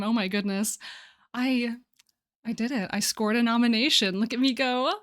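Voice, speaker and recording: A woman's voice: on the high side, moderate pace, a bit bright. A young woman hosting her live stream, chatting casually, bubbly and a little flustered, laughing often. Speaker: livestream host.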